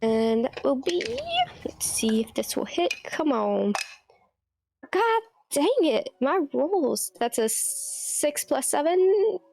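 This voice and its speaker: A woman playing a tabletop game, talking in a deliberate way. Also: high-pitched, animated, vocal fry, dark tone, faint music behind. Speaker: player. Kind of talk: casual tabletop game play.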